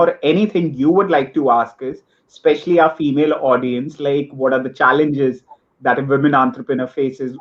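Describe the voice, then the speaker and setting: Polite guy hosting a live stream, kinda high voice, dull sound. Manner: polite, formal, enthusiastic. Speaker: host. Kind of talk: live online interview hosting.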